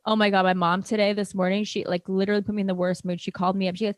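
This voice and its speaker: A woman of middle pitch co-hosts a casual podcast, rambling through profane stories and breaking into mimicked quotes. The sound is dry and close, with little room behind her. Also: little pitch movement, racing, hardly any pauses, no room sound. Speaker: podcast co-host. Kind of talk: casual chat.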